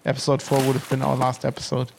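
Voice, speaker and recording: Male co-host, gravelly, halting chatter with restarts, faint noise in the background. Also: medium pitch, completely flat delivery. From Germany. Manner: rambling, halting, lots of fillers and restarts. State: out of breath. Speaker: podcast co-host. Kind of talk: casual chat. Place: outdoors at an industrial park.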